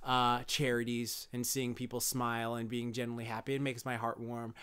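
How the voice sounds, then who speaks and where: A man co-hosting a comedy podcast, telling stories loudly with lots of laughing and swearing. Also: mid-range voice, brisk, clean tone, no echo. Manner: loud, laughing, swearing, animated storytelling. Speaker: podcast co-host. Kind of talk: casual comedic chat.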